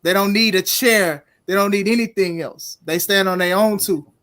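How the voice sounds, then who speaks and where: A man's voice: sits high, normal speed, a bit bright. A man in his thirties hosting a wrestling panel, teasing and needling a guest, often tripping over his words. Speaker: wrestling show host. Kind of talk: heated panel banter.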